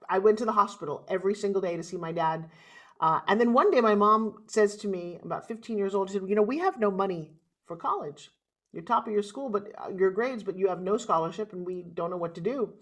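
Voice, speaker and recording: A middle-aged woman with a New York accent, a motivational speaker telling her life story as a podcast guest. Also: mid-range voice. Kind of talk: interview storytelling.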